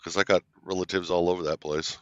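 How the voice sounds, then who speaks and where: A man from Kansas chatting casually on a livestream, telling stories in an animated way and acting out other people's voices. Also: sits low, fast talker, no echo. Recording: slightly dull lo-fi.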